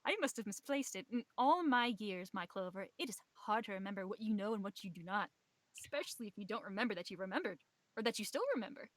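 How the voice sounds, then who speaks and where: A kindly old temple mentor rambles fondly through a letter to a former pupil, voiced by a woman who reads it plainly. The delivery is gentle and wistful, close and dry with no room sound. The pitch sits in a middling range. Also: expressive, quick pace, no echo, lightly acted. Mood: tender. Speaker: game master reading a letter. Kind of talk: narrating a tabletop game.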